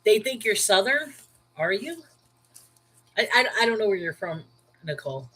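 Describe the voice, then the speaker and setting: A chatty woman in her thirties with a Brooklyn New York accent hosts a casual livestream about the Bible. She talks candidly and with emphasis, addressing her viewers by name in a mid-pitched voice. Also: sing-song, moderate pace, a bit bright, slightly rough, low-quality recording. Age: 30s. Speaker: livestream host.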